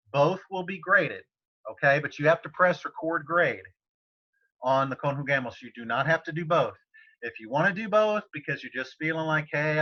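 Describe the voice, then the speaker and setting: Chatty man teaching over a video call. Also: fairly high pitch. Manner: relaxed, chatty, many fillers and restarts. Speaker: Spanish teacher. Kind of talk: casual online tutoring session. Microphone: computer mic on a video call. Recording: slightly dull video-call audio.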